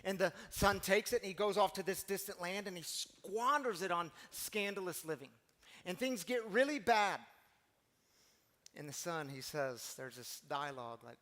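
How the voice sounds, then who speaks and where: High-voiced preacher in a reverberant hall. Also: male voice, moderate pace, sharp tone. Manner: emphatic, rhetorical questions, conversational. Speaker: pastor. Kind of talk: sermon.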